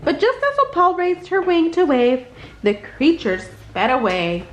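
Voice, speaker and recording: Lively, high-voiced woman reading a bedtime story. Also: a little slow, roomy sound, muffled recording. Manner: expressive, jumps high for characters' lines. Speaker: storybook reader. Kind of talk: bedtime read-aloud.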